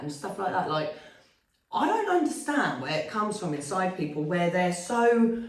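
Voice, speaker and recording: A woman's voice: fairly low pitch, sing-song, moderate pace. Young woman chatting, roomy and distant. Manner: chatty, swears freely, many "like" fillers. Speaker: podcast co-host. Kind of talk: casual chat. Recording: echoey room, mic at a distance.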